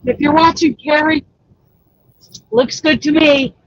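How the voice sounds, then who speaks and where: A woman hosting a casual livestream chat as a crochet pattern designer, chatty and excitable. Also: high-pitched, a little slow, dry recording, highs cut off. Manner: chatty and excitable, exclaims often.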